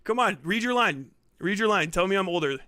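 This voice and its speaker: A man's voice: high voice, lively intonation, brisk, pushed and bright, no echo, studio quality. A man in his thirties on a stream, teasing and goading a younger guest with frequent laughter. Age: 30s. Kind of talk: mocking live-stream banter.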